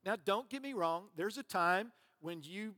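A man's voice: high voice, expressive, unhurried, pushed and bright. A man preaching a sermon as pastor, conversational and joking, with asides to the congregation. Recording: long reverb of a large hall.

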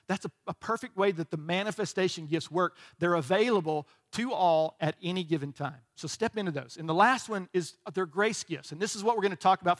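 A man's voice: sits high, fairly bright tone. A middle-aged male pastor preaching a sermon in a chatty, storytelling way, often checking in with "right?". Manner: conversational, storytelling, frequent "right?" asides.

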